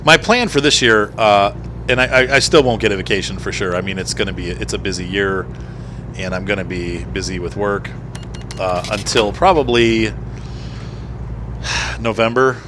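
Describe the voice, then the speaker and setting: A man's voice: lowish voice, steady tone, moderate pace, long pauses, noisy background. A man giving casual commentary while playing a truck game, rambling and chatty as he talks with his small son. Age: adult parent. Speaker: gaming streamer. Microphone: desk microphone.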